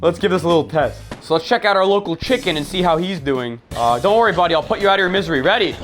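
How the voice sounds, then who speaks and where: A man's voice: sits high, fast, few pauses. A young man presenting a comedic game tutorial in a playful, jokey way. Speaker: gaming YouTuber. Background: faint background music.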